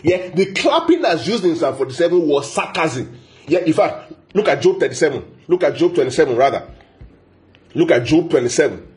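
A man with a slightly high, expressive, darkish-toned voice preaches fairly quickly as a pastor. His sermon teaching is emphatic and repetitive, and he often checks in with the congregation by asking "yeah?"

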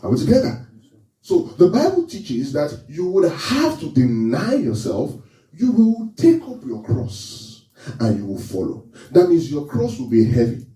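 A man's voice: on the high side, wildly swooping pitch, unhurried, mellow. A man preaching a sermon, often checking in with the congregation with questions. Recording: echoey room, from a distance.

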